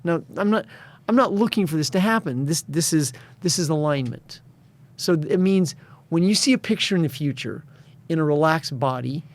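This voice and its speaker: A man being interviewed as a success and addiction coach, telling stories with confidence and acting out the voices of people he quotes. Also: on the high side. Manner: storytelling, acts out quoted voices. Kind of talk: interview conversation.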